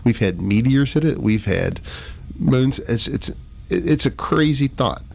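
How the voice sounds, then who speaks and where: A man's voice: mid-range voice, animated, unhurried, vocal fry, a little mellow, a little hiss or hum. A man co-hosting a political talk show, joking and wry in his asides. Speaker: co-host.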